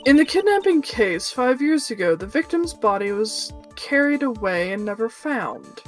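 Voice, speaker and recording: A woman voicing a composed young female defense attorney, reading her reasoning in a measured way. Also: a little high, sing-song, soft background music. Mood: steady.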